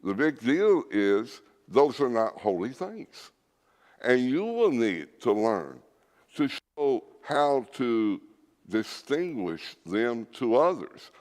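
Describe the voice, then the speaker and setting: Slow and deliberate, a man preaches with earnest emphasis, reading from scripture and driving his points home. His pitch moves in lively rises and falls, and a church hall's long reverb echoes behind him.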